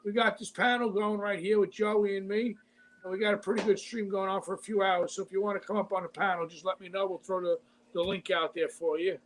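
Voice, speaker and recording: A man's voice: sits high, little pitch movement, a little fast, fairly bright tone, a little hiss or hum, rough recording. A man hosting a livestream, from Brooklyn, chatting easily and greeting viewers by name. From Brooklyn, New York. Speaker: livestream host. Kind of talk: casual chat, greeting viewers.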